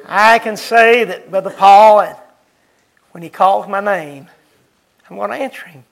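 An older man singing a slow gospel song, then chatting and telling stories, addressing people by name. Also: high voice, fairly even intonation, gravelly, low-quality recording. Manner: drawn-out sung lines, then quick chatty talk addressing others by name. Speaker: gospel singer. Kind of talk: gospel singing and folksy storytelling.

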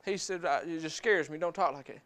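Here a preacher in church weaves his own testimony together with scripture, using homespun, plain wording and repeated phrases to drive points home. He speaks a little quickly, his voice on the high side and somewhat bright.

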